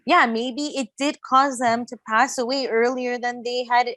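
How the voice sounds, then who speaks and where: A woman's voice: on the high side, steady tone, moderate pace, fairly bright tone, no room sound. A young woman co-hosting a podcast, talking casually and reasoning through a point with filler words. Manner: reasoned, thoughtful, filler-laden. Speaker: podcast co-host. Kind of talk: casual pop culture chat.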